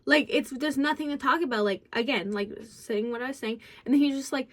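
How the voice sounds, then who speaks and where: Venting to her followers at a brisk clip, a young woman vlogger rambles through a story, saying "like" constantly and shifting from quiet mutters to loud exasperated bursts. Her phone sits close by as the mic.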